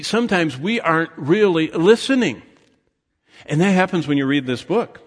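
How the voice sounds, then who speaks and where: An older man preaching a sermon as pastor, animated, with restarts and acted asides. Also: sits high, fairly quick. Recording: long hall reverb.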